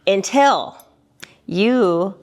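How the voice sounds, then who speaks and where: A woman's voice: medium pitch, expressive, drawn-out words, darkish tone. A woman hosting an interview in a studio, prompting her guest with short follow-up questions. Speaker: host. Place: podcast studio.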